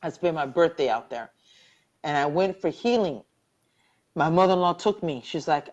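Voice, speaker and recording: Low-voiced woman, earnest testimony. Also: moderate pace, darkish tone, highs cut off. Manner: earnest, heartfelt, repeats phrases for emphasis. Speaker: cancer survivor sharing her story. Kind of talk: personal testimony in a live online interview.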